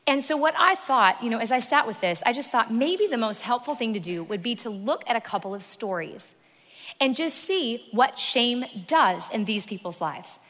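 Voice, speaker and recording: A woman gives a sermon from the front of a church, emphatic and repeating her key phrases, at normal speed and with expressive delivery. Her voice is a little high, bright and clear, and a long reverb follows her through the large hall.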